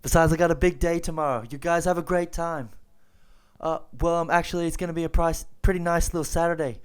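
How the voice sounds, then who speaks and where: A man's voice: fairly high pitch, steady tone, fast talker, clean tone, close to an everyday voice. A man voicing a polite, mild-mannered suburban husband who rambles.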